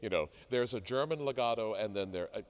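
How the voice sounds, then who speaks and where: A middle-aged man coaching a singer in a masterclass, talking haltingly with many fillers and sung demonstrations. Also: on the low side, expressive. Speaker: vocal coach leading a masterclass. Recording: reverberant hall.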